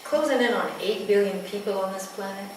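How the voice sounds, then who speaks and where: A midwife telling a story to a live audience, speaking slowly and intimately, often sinking to near whispers. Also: female voice, medium pitch, darkish tone. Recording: echoey room, distant mic, ambient noise.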